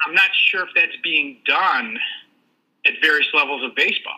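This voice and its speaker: Bright-voiced man with a Buffalo accent. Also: fairly high pitch, normal speed, low-quality recording. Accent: Buffalo, New York. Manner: laughs easily, wry asides. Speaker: podcast co-host. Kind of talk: casual sports chat.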